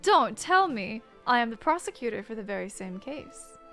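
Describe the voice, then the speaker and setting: A woman's voice: a little high, very animated, normal speed, fairly bright tone, soft background music. Smug rooster prosecutor, lofty and mocking, game villain played by a woman streamer. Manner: haughty, mocking, grandly formal. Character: pompous arrogant male rooster prosecutor.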